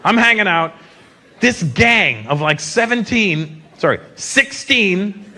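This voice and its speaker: A man's voice: high-pitched, animated, takes it slowly. A man in his fifties from Canada, telling profane stand-up stories on a theater stage. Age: 50s. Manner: brash, profane storytelling. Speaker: stand-up comedian. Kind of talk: stand-up comedy set. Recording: live stage mic with loud crowd. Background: audience laughter and applause.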